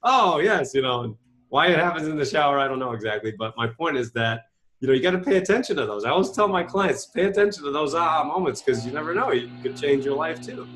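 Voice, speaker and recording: A middle-aged man with a high voice tells his story to an interviewer. His pitch leaps up and down, and he drives his points home with emphatic rhetorical questions. He sounds like a speaker used to holding a room. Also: animated, fast, a bit bright, soft background music. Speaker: interview guest, author and speaker. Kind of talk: animated storytelling.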